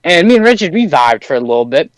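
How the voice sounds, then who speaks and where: A teenage boy telling a story on a casual podcast, animated and acting out the voices of the people in it. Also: fairly high pitch, fast, no echo, rough recording. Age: teens. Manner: animated, acts out voices in his stories. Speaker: podcast host.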